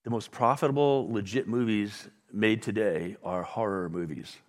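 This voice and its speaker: A male pastor with a fairly low voice delivers a sermon in a conversational, storytelling way, turning often to the congregation. Long reverb trails behind his words, the sound of a large sanctuary. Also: moderate pace.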